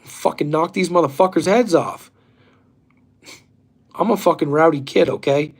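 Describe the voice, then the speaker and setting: A man's voice: on the high side, unhurried, slightly rough. A man in his forties hosting a livestream, talking in a rambling, profane and fired-up way. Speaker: livestream host. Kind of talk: rambling casual chat.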